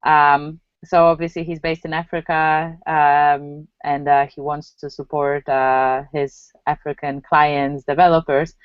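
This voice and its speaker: A woman moderating an online discussion, passing on a viewer's question in a halting way with many fillers. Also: sits low, flat delivery, clean tone, no echo. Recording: dry, muffled lo-fi audio.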